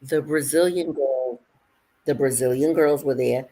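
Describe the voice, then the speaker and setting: A woman with a low, husky voice talks in a loose, casual chat. She tells stories with energy and acts out what other people said. She laughs often between lines. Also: measured pace. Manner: animated storyteller, acts out quotes, laughs often.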